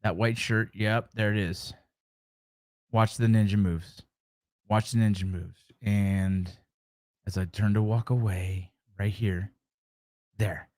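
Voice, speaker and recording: A man's voice: on the low side, steady tone, slow pace, long pauses, darkish tone, no room sound, clean studio sound. A man hosting a casual live stream, chatting with viewers, joking and telling stories. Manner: joking, storytelling, reacting to chat.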